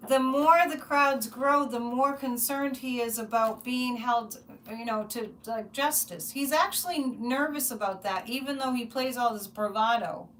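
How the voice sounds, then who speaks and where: Woman, high voice, psychic livestream host, rambling casual chat, mic a bit far off. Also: measured pace, hardly any pauses, a little hiss or hum. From United States. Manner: animated, chatty, rambling with restarts.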